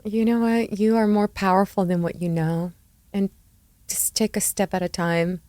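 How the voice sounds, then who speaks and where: A woman's voice: mid-range voice, flat delivery, normal speed, mellow, no echo. Heartfelt middle-aged woman guest, dry sound. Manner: heartfelt, mixes in Spanish phrases. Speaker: podcast guest. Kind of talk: casual interview chat.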